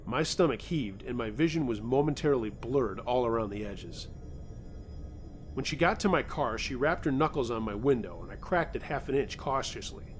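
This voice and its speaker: A man's voice: mid-range voice, expressive, moderate pace, slight background noise. A man narrating a first-person true scary story as a scripted reading.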